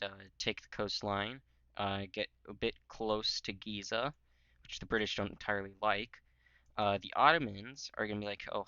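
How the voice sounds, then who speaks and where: A man's voice: on the low side, bright, forceful tone, clear, resonant tone, dry recording. Rambling young man on a dull mic. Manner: rambling, many fillers, jokey voices for nations. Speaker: history video creator. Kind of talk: casual map commentary.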